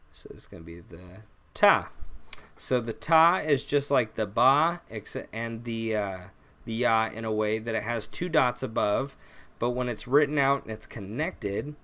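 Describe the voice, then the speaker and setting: A young man teaching an alphabet lesson on a live stream, relaxed and rambling, with many fillers and self-corrections. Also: mid-range voice. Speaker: language teacher.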